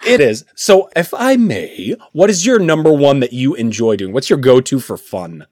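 A man's voice: mid-range voice, sing-song, normal speed, a little mellow, no echo, clean studio sound. A young man from Indiana, a voice actor, chatting casually in an interview and laughing often between phrases. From Indiana, USA. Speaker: voice actor guest.

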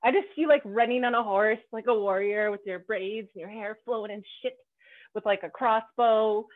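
A playful woman hosting a casual podcast interview, bubbly and quick to laugh. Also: mid-range voice, dry recording. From Canada. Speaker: podcast host. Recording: tinny phone-like line.

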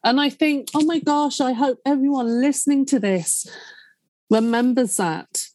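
A woman's voice: high-pitched, measured pace, a little mellow, no echo. A woman hosting a podcast, effusive and openly emotional in casual conversation with her guest. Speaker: podcast host.

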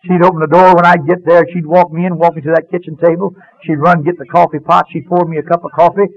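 A man giving an earnest spoken testimony, sinking low and soft at painful memories. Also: little pitch movement, fast talker, no room sound. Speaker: testifying speaker. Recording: dull dry radio sound.

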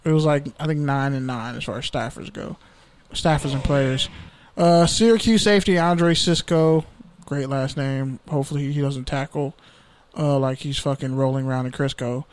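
A man's voice: medium pitch, steady tone, moderate pace, a little mellow. A man co-hosting a casual sports podcast, ranting and joking with plenty of profanity. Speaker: podcast co-host.

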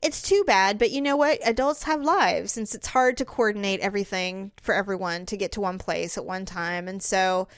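A woman's voice: medium pitch, moderate pace, hardly any pauses, dry recording, clean studio sound. A middle-aged woman telling a long family story in casual chat, acting out quoted voices. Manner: animated, acts out quoted voices with big jumps up.

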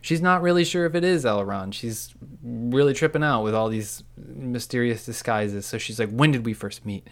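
A man's voice: medium pitch, lively intonation, normal speed. A man co-hosting a podcast, enthusiastically retelling scenes and quoting lines in casual chat. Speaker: podcast co-host. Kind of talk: casual recap discussion.

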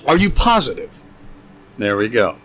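A man's voice: mid-range voice, very animated, moderate pace, fairly bright tone. A young man co-hosting a podcast, tipsy, telling a rambling, profane story and getting exasperated at his friend. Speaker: podcast co-host. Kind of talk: casual storytelling chat.

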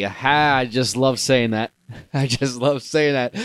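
A man co-hosting a chatty podcast with his brothers. He talks in a hyped, catchphrase-heavy way and stretches his exclamations out. His voice is mid-pitched and sounds dry and close to the mic. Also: normal speed, smooth, dry recording. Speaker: podcast co-host. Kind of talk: casual chat.

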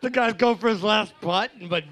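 A man co-hosting a podcast, rambling and cursing through deadpan jokes. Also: sits high, moderate pace. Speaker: podcast co-host. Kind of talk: casual podcast banter.

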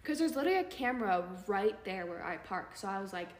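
A woman's voice: mid-range voice, very animated, fast. A young woman co-hosting a podcast, telling a story in casual chat and filling her talk with "like". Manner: chatty, heavy use of "like" fillers. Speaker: podcast co-host. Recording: echoey room with long reverb.

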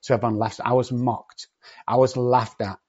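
Man, blunt treatment-company owner, profane and direct, husky voice, muffled recording. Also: medium pitch, level tone, normal speed, a little mellow. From not from England. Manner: profane, cocky and confrontational. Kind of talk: blunt podcast conversation.

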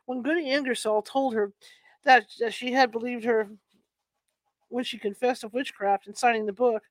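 A woman's voice: on the high side, fairly even intonation, normal speed, dry recording. A woman with allergies reading a nonfiction history book aloud in a casual way, stumbling over words, correcting herself and adding chatty asides. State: bothered by allergies.

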